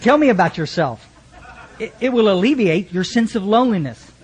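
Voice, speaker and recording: A man with a Texan accent voicing a calm, probing male psychiatrist in a story he reads aloud. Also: high-pitched, fairly quick, a little hiss or hum.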